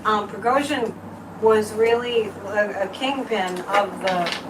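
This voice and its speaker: A woman hosting a psychic livestream, reading viewer comments and pulling tarot cards in an opinionated, casual chat with lively swings in pitch and loudness. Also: takes it slowly. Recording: distant mic with faint room noise.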